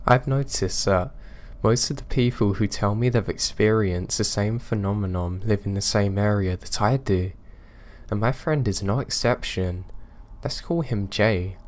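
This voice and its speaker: A man narrating reader-submitted horror stories in a calm, even storytelling delivery. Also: fairly low pitch, measured pace.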